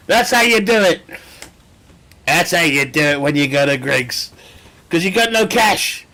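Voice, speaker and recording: A man's voice: very high voice, expressive, a little slow, pushed and bright. A young man chatting casually while streaming a game, rambling and joking with frequent laughter. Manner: rambling, jokey, laughs often. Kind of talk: casual chat while gaming.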